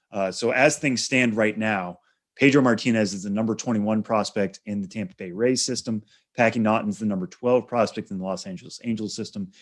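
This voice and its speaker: Lower-voiced male podcast co-host. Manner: measured, explanatory with many fillers. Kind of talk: casual podcast chat.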